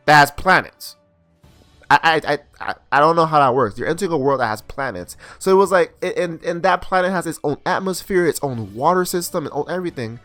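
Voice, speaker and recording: A man's voice: a little high, no room sound. A young man recapping and reviewing an anime episode in a casual, rambling way, full of slang and restarts.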